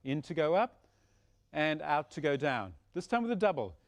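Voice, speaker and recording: Male Pilates instructor with a fairly high voice, calm breath-by-breath cueing, encouraging. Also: normal speed. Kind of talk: guided exercise instruction.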